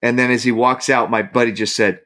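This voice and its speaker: This man, a guest from the Bay Area, tells a story in relaxed conversation, laughing and animatedly performing what others said. He has a mid-range voice and speaks fairly quickly.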